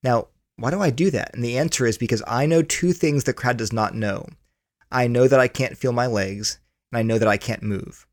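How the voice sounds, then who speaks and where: A man's voice: mid-range voice, normal speed, no echo, clean studio sound. A man answering interview questions about his book, earnest and explanatory, often repeating words as he thinks. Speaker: author and guest.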